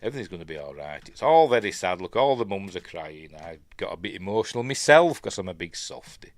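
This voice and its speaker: A man's voice: deep voice, very animated, a little fast, no room sound. A middle-aged man with a Yorkshire accent, chatting casually and rambling through a film commentary at home, often correcting himself. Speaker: film reviewer.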